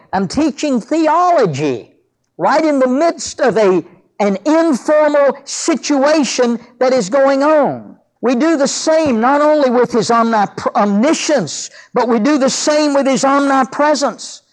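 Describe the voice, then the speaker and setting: An older man preaching a sermon about teaching children, telling stories from his family and ministry. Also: very high-pitched. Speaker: pastor.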